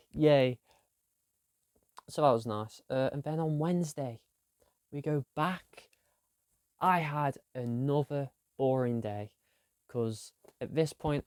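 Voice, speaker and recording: Slow, rambling young guy. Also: medium pitch, a little mellow, clear, resonant tone, no echo, studio quality. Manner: rambling, self-deprecating, trailing off. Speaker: vlogger. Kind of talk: casual weekly diary vlog.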